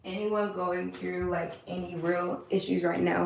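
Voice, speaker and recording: A woman's voice: on the low side, level tone, creaky, a little hiss or hum. Heartfelt woman reading scripture from afar. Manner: slow, heartfelt, repeating phrases. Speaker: spiritual live-streamer. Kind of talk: live-streamed scripture reading and spiritual talk. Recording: roomy echo, distant from mic.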